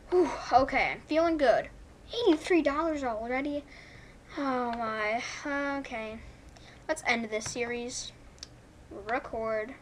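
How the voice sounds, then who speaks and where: A young woman from Canada giving chatty, excitable commentary while playing a game at home, thinking aloud. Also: a little high, a little hiss or hum. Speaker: gaming YouTuber. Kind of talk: casual gameplay commentary. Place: home room. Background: family's movie faint in background.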